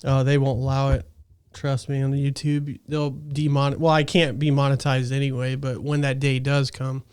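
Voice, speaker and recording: A man, chatting casually as a podcast host. His voice is smooth and resonant, and he rambles from point to point with easy laughter. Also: mid-range voice, monotone, moderate pace, a little mellow.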